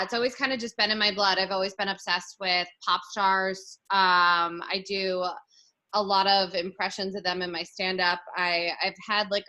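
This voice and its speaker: A woman's voice: medium pitch, sharp tone. A woman in her thirties, a podcast guest, chatting and telling stories in a loose, casual way full of fillers. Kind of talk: casual storytelling.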